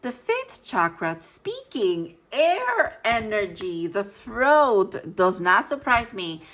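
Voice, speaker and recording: Taking it slowly, a woman with a fairly bright, mid-range voice and big pitch swings does a relaxed pick-a-card tarot reading. She muses aloud in a chatty, playful way, stumbling over card text and poking fun at herself.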